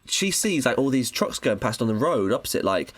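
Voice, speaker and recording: A man's voice: medium pitch, big pitch swings, fairly quick, no echo. A man co-hosting a film podcast, chatting casually and rambling with lots of fillers. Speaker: podcast co-host.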